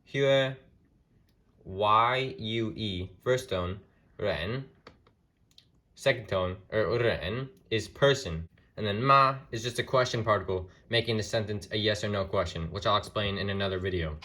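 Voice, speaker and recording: A man teaching a language lesson in a casual way, explaining step by step and saying example phrases slowly. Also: lowish voice, sharp tone. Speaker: language tutor. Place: room with a whiteboard.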